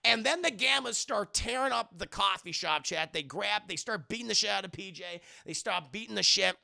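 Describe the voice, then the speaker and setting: Man, movie recap streamer, gravelly fry, bright voice, dry sound. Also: high voice, normal speed. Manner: animated, profane, laughing. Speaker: movie reviewer streaming live.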